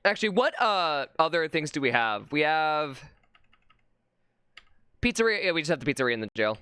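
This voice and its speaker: Exasperated gameplay streamer, jokey, swears, lively bouncing pitch, bright voice. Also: moderate pace, clear, resonant tone, dry recording. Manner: exasperated, jokey, swears, bursts into loud outcries. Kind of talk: live gameplay commentary.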